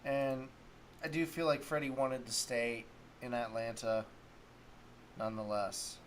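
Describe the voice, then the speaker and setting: A man's voice: medium pitch, level tone, a little slow, slight background noise. A man hosting a solo sports talk stream, rambling casually and thinking aloud while he looks up stats. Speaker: sports talk show host.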